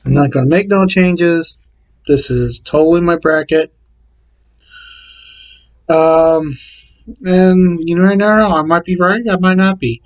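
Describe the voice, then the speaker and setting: A man casually talking to camera and reading out his picks in a plain, repetitive way with halting restarts. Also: on the high side, low-quality recording. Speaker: vlogger.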